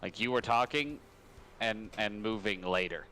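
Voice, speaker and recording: A man's voice: on the low side, a little slow, sharp tone, a little hiss or hum. A man co-hosting a trivia stream on a wired headset, laid-back and joking, often laughing. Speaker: trivia night co-host. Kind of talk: casual livestream banter.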